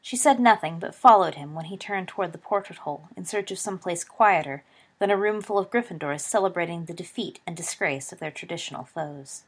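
A woman narrating a story aloud, reading with expressive swings in volume. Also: on the low side, brisk. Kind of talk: audiobook reading of fan fiction.

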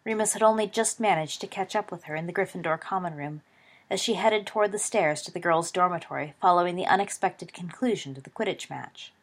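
A woman narrating a story aloud, reading with expressive swings in volume. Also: on the low side, fairly quick. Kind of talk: audiobook reading of fan fiction.

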